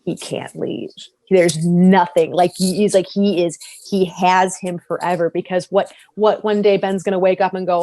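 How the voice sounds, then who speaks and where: Animated woman, dry close sound. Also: fairly low pitch, moderate pace, no echo. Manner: animated, laughs often, acts out quoted voices. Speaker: podcast co-host. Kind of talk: casual fan discussion.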